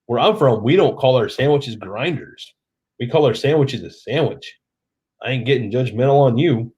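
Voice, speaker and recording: A man's voice: mid-range voice, animated, normal speed, darkish tone. Tipsy Oklahoma man chatting on a stream. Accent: Southern US (Oklahoma). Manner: chatty, reading viewer comments aloud. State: tipsy from drinking. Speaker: live stream host. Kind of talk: casual late-night live stream chat.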